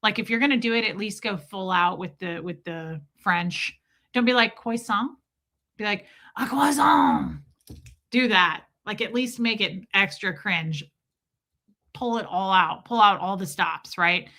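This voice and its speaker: A woman's voice: medium pitch, measured pace. An American woman hosting a livestream, chatting casually and emphatically with her viewers. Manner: animated, emphatic, mock accents. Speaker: livestream host.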